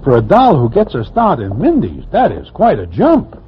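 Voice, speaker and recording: A folksy, high-voiced Broadway narrator. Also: male voice, wildly swooping pitch, normal speed, background noise. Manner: folksy, present-tense storytelling. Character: genial male Broadway narrator, wisecracking. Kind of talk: 1940s radio acting. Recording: dull old radio recording.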